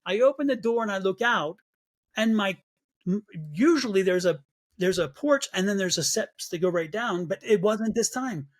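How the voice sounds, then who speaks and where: Animated, high-voiced man telling a spirit story. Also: normal speed. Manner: animated, acts out his own past reactions in a raised voice; repeats words while restarting sentences. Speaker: psychic medium guest. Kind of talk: storytelling interview chat.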